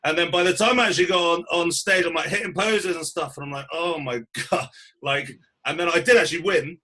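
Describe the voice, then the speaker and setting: Bright-voiced sweary man. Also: a little high, fairly quick. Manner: sweary, animated storytelling. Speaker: podcast co-host. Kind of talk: casual chat.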